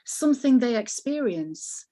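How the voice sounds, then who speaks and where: Speaking a little slowly in a fairly high voice, this woman from the north of England has a Manchester accent. She's a voiceover artist appearing as an interview guest, chatting casually, telling lively stories warmly and laughing frequently.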